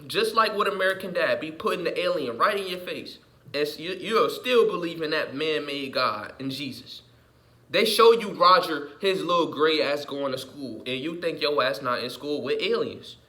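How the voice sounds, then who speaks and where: A man delivering an unscripted, heated, profane monologue rant as a vlogger, repeating himself and swinging between muttering and yelling. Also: a little high, expressive, normal speed.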